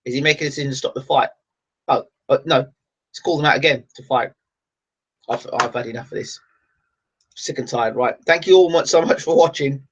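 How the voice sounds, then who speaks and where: A man giving live fight commentary on his own channel, exasperated and ranting, now and then breaking into excited shouting. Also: mid-range voice, brisk, long pauses, dull audio, slight background noise.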